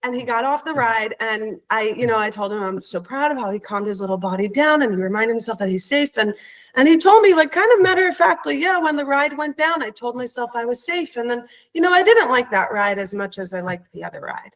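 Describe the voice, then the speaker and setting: Woman, thirties, podcast guest, heartfelt storytelling, animated retelling. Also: on the high side, a little fast, low-quality recording. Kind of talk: personal storytelling.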